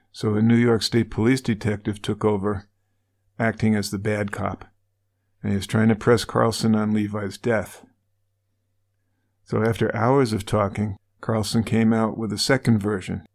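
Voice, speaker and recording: A man's voice: lowish voice, little pitch movement, normal speed, creaky, darkish tone. A man co-hosting a true-crime podcast, retelling a case casually with wry asides. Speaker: podcast co-host.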